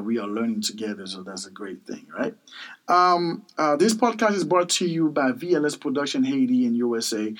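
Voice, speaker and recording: A man hosting a podcast language lesson, repeating each word several times in a slow, animated way. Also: medium pitch, poor audio. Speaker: language teacher, podcast host. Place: Miami.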